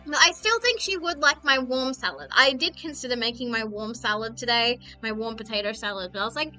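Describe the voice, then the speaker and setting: A chatty woman streamer talks casually over her game, swearing freely and joking at her own expense. Her voice is high and very bright, and soft music plays in the background. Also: a little fast, poor audio. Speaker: VTuber streamer.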